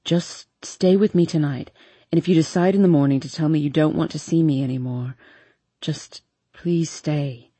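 A woman voicing a brooding drunk young man who pleads in a low, slurred murmur. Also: moderate pace, dark tone, breathy edge, no room sound. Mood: begging.

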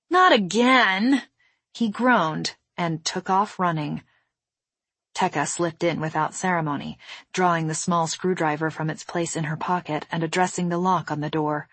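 A woman narrating a first-person novel in a steady, measured storytelling voice. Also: low voice, husky, no echo. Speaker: audiobook narrator.

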